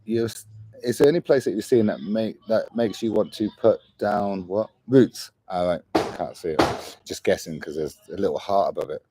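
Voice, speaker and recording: In his forties, this man is a travel vlogger in Argentina who rambles casually on a livestream and keeps calling his viewers "mate." His voice sits on the low side at a normal speed, with background noise in the recording.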